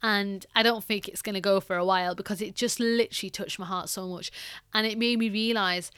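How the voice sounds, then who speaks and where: A woman's voice: medium pitch, fairly even intonation, brisk, fairly bright tone, clean tone, no room sound, studio quality. A young woman hosting a podcast, telling a personal story in a chatty way, full of "like" and "you know". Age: young adult. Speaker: podcast host.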